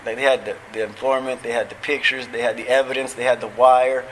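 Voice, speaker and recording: Middle-aged guy telling his recovery story, bright punchy voice, acts out the convos, little bit of noise. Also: mid-range voice, little pitch movement, fairly quick, low-quality recording. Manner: storytelling, acting out quoted dialogue; casual, chuckles at his own stories. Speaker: recovery convention speaker. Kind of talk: personal recovery testimony.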